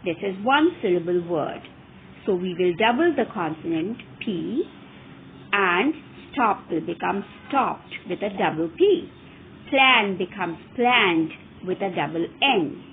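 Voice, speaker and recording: A woman teaching English verb forms in a careful, deliberate way, stressing each example word. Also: lowish voice, lively intonation. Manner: clear, careful enunciation with rising emphasis on examples. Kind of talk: slow, deliberate grammar lesson. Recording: phone-like narrow audio with faint hiss.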